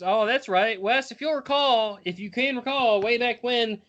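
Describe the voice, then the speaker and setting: A man with a high-pitched voice hosts a game podcast, shifting between loose, joking chatter and reading scene text aloud. He swears casually and keeps things informal. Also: animated, moderate pace, hardly any pauses, a bit bright. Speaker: podcast host and game narrator.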